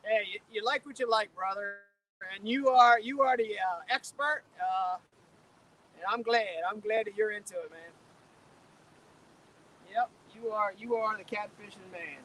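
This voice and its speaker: High, bright-voiced Philadelphia man on a boat. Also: measured pace, pauses often, a little hiss or hum. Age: adult, middle-aged or older. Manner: laid-back, chuckling, talks to viewers by name. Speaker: fishing vlogger reading live chat. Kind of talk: casual live-stream chat. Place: boat on a river at dusk, outdoors.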